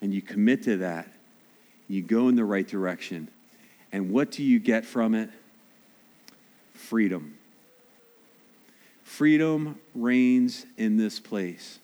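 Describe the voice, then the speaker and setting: A man preaching a sermon as pastor, swinging between hushed slow appeals and loud animated asides. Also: on the low side. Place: church sanctuary. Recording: long reverb of a large hall.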